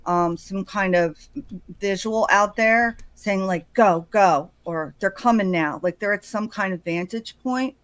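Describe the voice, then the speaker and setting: A woman hosting a true-crime commentary, talking in a speculative, conversational and often hushed way. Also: mid-range voice, measured pace, dry recording, poor audio. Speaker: host.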